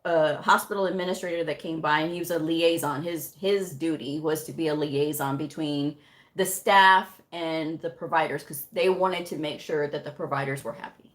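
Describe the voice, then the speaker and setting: A middle-aged woman, a medical coding educator, telling a work story in a chatty, animated live-stream way, with lots of "you know.". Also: sits low, moderate pace.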